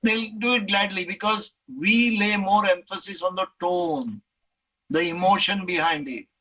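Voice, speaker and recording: A middle-aged Indian man with an Indian English accent lectures and takes questions. His voice sits high for a man and rings bright and forceful. He talks in an animated way and acts out the voices he quotes. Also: measured pace, a little hiss or hum, low-quality recording.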